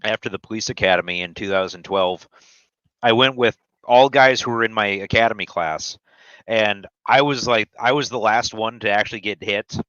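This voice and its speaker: A man's voice: fairly low pitch, moderate pace, a bit bright, smooth, dry recording. A middle-aged man who trained in law enforcement, telling army and police stories in a matter-of-fact, casual way. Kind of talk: casual profane chat. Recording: dry dull lo-fi sound.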